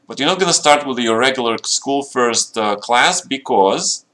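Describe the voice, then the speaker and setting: A middle-aged Russian man with a medium-pitched, expressive, slightly bright voice tells a long story at a moderate pace on a live chess stream. His English is slightly broken, and he rambles while checking in with listeners, often asking "yeah?"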